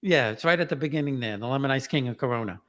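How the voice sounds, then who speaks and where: A man's voice: mid-range voice, rapid-fire, a bit bright, long reverb tail. A man with a New York accent, a guest chatting casually in an interview. He talks in a loose, repeating way and laughs often. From Queens, New York. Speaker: guest, genealogy author and podcaster.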